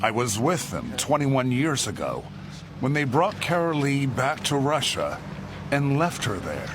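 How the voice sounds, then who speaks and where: A man, a television correspondent, narrating a news feature in a grave, measured voice. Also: mid-range voice, very animated, background noise. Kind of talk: broadcast report narration.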